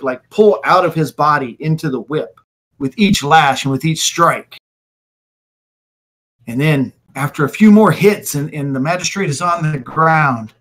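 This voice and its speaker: A man's voice: fairly high pitch, fairly bright tone. A man narrating as game master, vividly describing scenes with occasional fillers.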